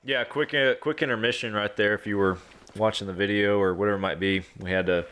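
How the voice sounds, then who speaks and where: A man hosting a podcast in casual chat, relaxed and conversational. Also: on the low side, quick pace, a little hiss or hum. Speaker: podcast host.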